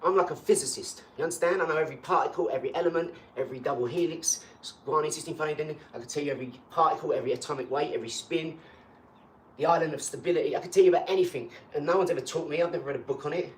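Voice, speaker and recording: A boastful man rambling through a casual live chat, his voice a little high for a man. He sits some way off the mic in an echoey room, with a faint hum behind him. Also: racing, distant mic. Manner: boastful, rambling, animated rants.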